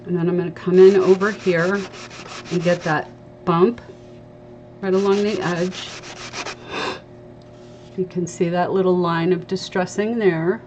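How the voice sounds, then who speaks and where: A woman's voice: on the low side, a little mellow. A woman hosting a live crafting stream, chatting casually and explaining each step as she sands a piece. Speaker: craft livestream host. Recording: dull lo-fi livestream audio with faint hiss.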